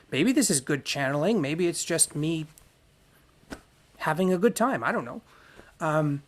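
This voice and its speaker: Man, solo host, loose profane rant, blunt and self-correcting. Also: fairly high pitch. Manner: profane, ranting, frank; wandering, self-correcting delivery. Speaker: podcast host. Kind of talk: unscripted spoken monologue.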